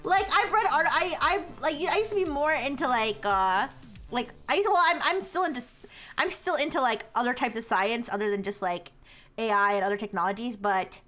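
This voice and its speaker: A woman streamer chatting casually to her viewers, rambling with lots of filler words and quick laughs. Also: on the high side, expressive, a bit bright, soft background music. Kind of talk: casual live-stream chat.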